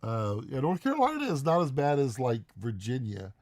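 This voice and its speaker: A man co-hosting a live stream, chatting casually and quickly, laughing often as he answers questions. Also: mid-range voice, wildly swooping pitch, darkish tone, no room sound. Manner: fast-talking, laughs often.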